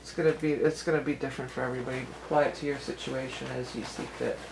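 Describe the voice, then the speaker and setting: A woman's voice: very deep voice, fairly even intonation, rapid-fire, creaky, noisy background. A woman giving a casual tarot and astrology reading for her viewers, chatty and rambling, often restarting her sentences and laughing easily.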